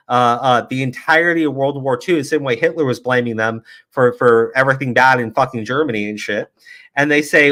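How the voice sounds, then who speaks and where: A man's voice: mid-range voice, sharp tone. A man giving profane, heated, sarcastic commentary on a livestream. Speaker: streamer commentator.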